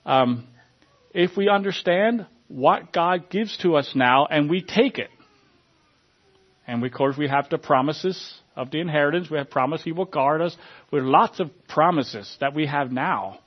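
A man giving an informal sermon in a conversational way, often restarting his sentences and filling pauses with ums. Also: on the high side, muffled recording. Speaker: preacher.

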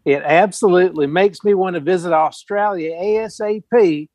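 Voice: medium pitch, moderate pace, crowd noise. A podcast co-host reading a listener email aloud, hesitant with many fillers. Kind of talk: casual podcast chat.

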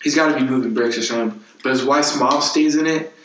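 A man's voice: medium pitch, fast, fairly bright tone. Young man telling a rambling slangy story. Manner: casual slangy storytelling, swears often. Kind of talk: casual storytelling chat. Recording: echoey room, mic at a distance, faint noise.

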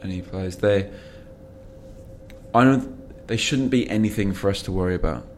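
A man's voice: sits low, moderate pace, darkish tone, slight background noise. A man from England chatting casually about football as a co-host, dry and jokey, reading out club facts. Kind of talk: casual chat.

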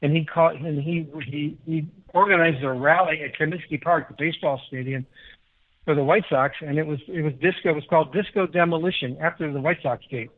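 An older man from Chicago, a guest musician, telling rambling, animated anecdotes in a casual interview. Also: fairly high pitch, fairly quick. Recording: tinny phone-like line.

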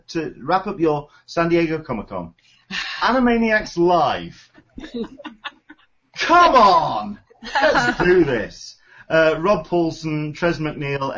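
A man hosting a podcast, chatting enthusiastically and rambling with lots of fillers. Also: on the high side. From United Kingdom. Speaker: podcast host. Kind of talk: casual chat. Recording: dull lo-fi recording.

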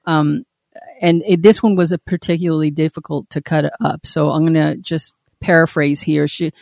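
A woman hosting a podcast who teases her co-host and reads listener posts aloud in a measured way. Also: low-pitched, fairly even intonation, gravelly, a little mellow, dry recording, studio quality. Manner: laughing, teasing, measured when reading. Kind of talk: casual chat and reading aloud.

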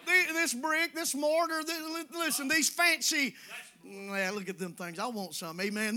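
A pastor preaching to his congregation in a very high, piercingly bright voice. He talks folksy and familiar, dropping to hushed asides before climbing into full shouts. The sound carries the feel of a church sanctuary. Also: a little slow. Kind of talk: sermon.

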